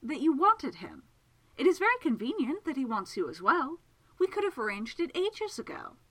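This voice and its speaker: An imperious lady from a storybook, fierce and scornful, snapping out orders in a high, bright, sharp voice, as a woman reads her. Her pitch swings widely as she commands. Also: sing-song, moderate pace.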